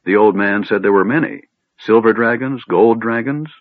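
A man's voice: lowish voice, moderate pace, dry recording, voice pushed up, close to an everyday voice. A man reading an audiobook voices a sturdy male warrior, earnest and severe in his questions, on a tinny phone-like recording. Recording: tinny phone-like band, dry.

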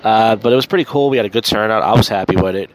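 A man's voice: lowish voice, rapid-fire, a little hiss or hum. A man hosting his own podcast, rambling casually through his week with fillers and swearing while out on a walk. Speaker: podcast host. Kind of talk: casual solo chat on a walk. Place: outdoors on a street at night.

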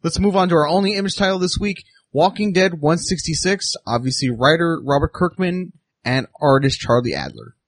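A man's voice: on the high side, very animated, brisk, no echo. A man hosting a casual comic book podcast, laughing easily and restarting his sentences. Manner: giggly, with hesitant restarts. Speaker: podcast host.

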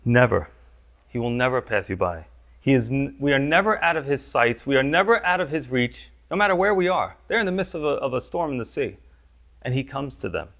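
A man's voice: mid-range voice, animated, brisk, fairly bright tone, dull audio. A man preaching a conversational sermon as pastor, often asking the listeners questions. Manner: conversational, frequent "you know" and "right?".

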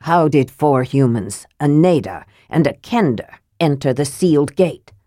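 A woman's voice: sits low, animated, a little slow, darkish tone, no echo, studio quality, voice pushed down. A woman voicing a proud, towering male dwarf warlord who speaks grandly and with self-importance in an audiobook.

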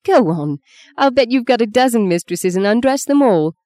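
A woman voicing a quick-tongued, teasing young actress in an audiobook reading. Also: a little high, lively intonation, warm tone, no room sound, studio quality, pitched above the performer's own voice, natural voice. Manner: brisk, mocking, spirited.

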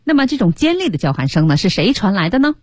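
A woman teaching English on radio, explaining slowly and stretching key words. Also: medium pitch, big pitch swings, dry recording, studio quality. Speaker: language teacher.

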